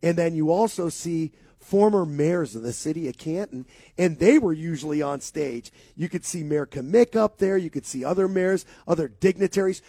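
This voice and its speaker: An emphatic male sports radio co-host talks in a casual, lively way. His voice sits a little high for a man. The sound is dry and close on a studio microphone. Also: moderate pace, husky, dry recording.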